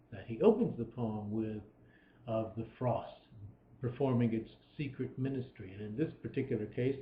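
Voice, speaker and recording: A man giving a recorded literature lecture and explaining a poem, checking in with listeners as he goes. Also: mid-range voice. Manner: explanatory, checks in with "right?" and "all right". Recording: roomy, slightly muffled, faint background hum.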